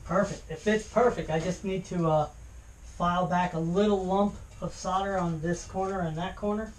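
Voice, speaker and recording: Halting DIY man, slightly high voice. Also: steady tone, slight background noise. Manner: hesitant, many "uh" fillers and restarts. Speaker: DIY boat builder. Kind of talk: casual workshop walkthrough.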